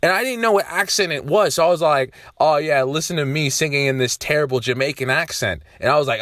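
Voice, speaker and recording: A man's voice: a little high, fast, few pauses, no room sound, clean studio sound. Rambling, swearing young man vlogger. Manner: rambling, swears freely, loud animated outbursts. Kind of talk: casual rambling monologue.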